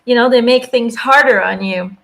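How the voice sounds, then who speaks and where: A woman doing a live angel card reading, speaking gently and reassuringly and often checking in with "okay?" and "you know?". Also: on the high side, normal speed, gravelly. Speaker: intuitive angel card reader. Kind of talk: live card reading, casual spoken guidance.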